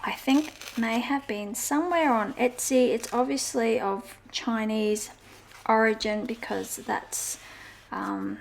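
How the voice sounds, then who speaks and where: A woman talks through her journal decorating in a relaxed, sing-song chat, often circling back with fillers and restarts. Her voice sits a little high and carries a gravelly fry. She takes her time, unhurried and slow. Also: a little hiss or hum. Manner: chatty, meandering, with frequent fillers and self-corrections. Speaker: journaling vlogger. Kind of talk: casual crafting chat.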